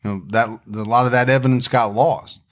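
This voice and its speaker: A man co-hosting a podcast at a medium pitch, with nothing unusual about his voice. He talks in a loose, reflective way and often restarts his sentences. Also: fairly even intonation, fairly quick. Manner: reflective, conversational, frequent restarts. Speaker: podcast co-host. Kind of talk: casual podcast chat.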